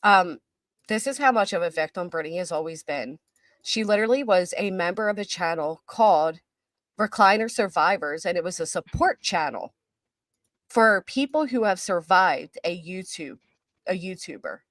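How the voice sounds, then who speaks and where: A woman with a lowish voice hosts a casual commentary chat. She talks in an indignant, sarcastic way. The sound is dry and close, with no room around it. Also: expressive, moderate pace, dry recording. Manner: indignant, sarcastic, says "y'all". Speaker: channel host.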